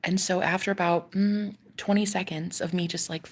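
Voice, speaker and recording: A woman vlogger casually telling a personal story to her viewers, animated and swearing, often dropping into a whisper. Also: fairly low pitch, moderate pace.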